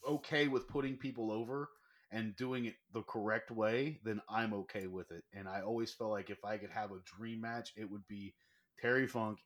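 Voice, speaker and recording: A man who is a professional wrestler, telling lively anecdotes as a guest in a casual interview. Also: lowish voice. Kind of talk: casual storytelling.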